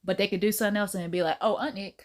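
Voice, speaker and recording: A woman host chatting casually in reaction, giggly and animated. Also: rapid-fire, a little hiss or hum. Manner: animated and giggly, swooping pitch.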